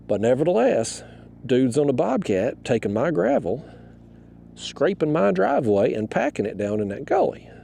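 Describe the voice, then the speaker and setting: Gravelly, animated man on a kayak. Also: medium pitch, normal speed, slight background noise. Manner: rambling, fired-up, swears freely. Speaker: fishing vlogger. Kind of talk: casual storytelling to camera. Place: on a kayak outdoors on the water.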